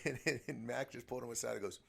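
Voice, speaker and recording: A middle-aged man, hosting a casual podcast and telling lively coaching anecdotes. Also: mid-range voice, quick pace, gravelly. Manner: chatty storyteller, animated anecdotes. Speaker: podcast host, shooting coach.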